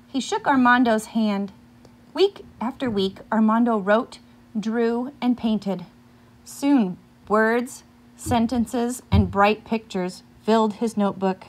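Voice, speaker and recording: Slow, higher-voiced woman reading a storybook. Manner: pauses to ask listeners questions about the story. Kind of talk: reading a picture book aloud.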